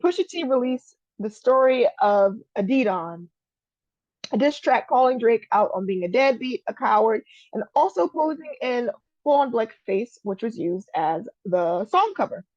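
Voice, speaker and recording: A sarcastic woman co-host recounting gossip in casual podcast chat, her voice sitting fairly high. The recording is dry and a little dull, as if the top end has been shaved off. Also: expressive, unhurried, a little mellow, dry recording. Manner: sarcastic, storytelling with blunt cursing.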